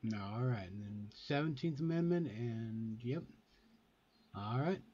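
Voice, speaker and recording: Easygoing man with a mellow voice. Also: mid-range voice, expressive, a little slow. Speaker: co-host. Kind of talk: show sign-off announcement. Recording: dull lo-fi stream with faint noise.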